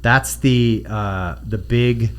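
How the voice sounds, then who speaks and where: A man's voice: mid-range voice, very slow, smooth. Joking male podcast co-host. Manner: jokey, slips into mock movie-character voices. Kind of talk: casual chat about films.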